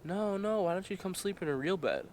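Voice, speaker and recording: A man voicing a coy, playful young woman who teases and protests in a higher, breathy voice. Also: animated, a little fast, slight background noise. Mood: coaxing.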